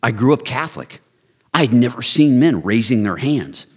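A man in his sixties giving an earnest, direct ministry talk, building to excited, emphatic storytelling. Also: medium pitch, moderate pace, breathy edge. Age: 60s. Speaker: men's ministry leader. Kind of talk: personal testimony talk.

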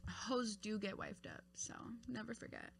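A young woman co-hosting a podcast, bantering loudly and crudely with a friend. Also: medium pitch, huge pitch swings, normal speed, vocal fry, slightly rough. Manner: loud, crude, laughing banter. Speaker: podcast co-host. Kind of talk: casual chat.

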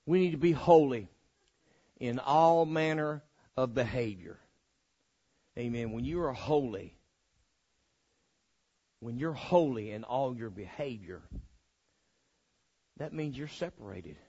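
A man's voice: mid-range voice, animated, slow pace, pauses often, dark tone, husky. Folksy male preacher, dull recording. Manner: folksy, humorous, repeats phrases for emphasis. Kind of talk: sermon with storytelling. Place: church.

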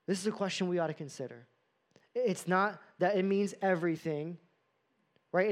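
Man, pastor, sermon, earnest, rhetorical questions, fairly high voice. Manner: earnest, uses rhetorical questions and acted-out quotes.

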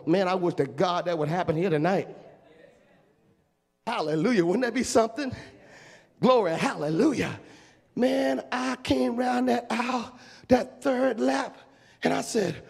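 Animated preacher telling a story in a big hall. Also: male voice, high-pitched, unhurried, creaky. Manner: animated, shouting and laughing while acting out a story. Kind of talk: storytelling sermon. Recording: long echo of a large hall.

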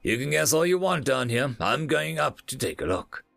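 A man's voice: mid-range voice, sing-song, moderate pace, creaky, a bit bright, dry recording, faint music behind, full character voice. A man voicing a cocky young male insectoid warrior who taunts and brags, reading him in a storybook-style narration. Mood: taunting. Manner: brash, taunting.

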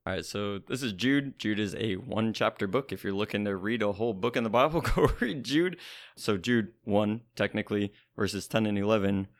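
A man's voice: fairly low pitch, fairly even intonation, fairly quick, hardly any pauses. A man explaining scripture in an easygoing, casual Bible discussion.

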